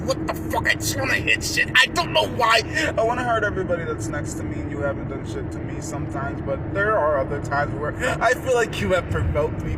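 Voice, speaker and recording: Man, very high voice, raw ranting spoken word, far off the mic with loud outdoor noise. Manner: raw, ranting, breaks into crying shouts.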